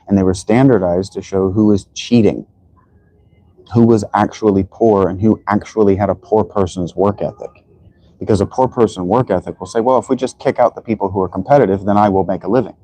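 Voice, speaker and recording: A man's voice: lowish voice, mellow, dry recording, low-quality recording. A man from the United States hosting a livestream, lecturing in a rambling way with many restarts and fillers. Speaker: livestream host. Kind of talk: casual livestream monologue.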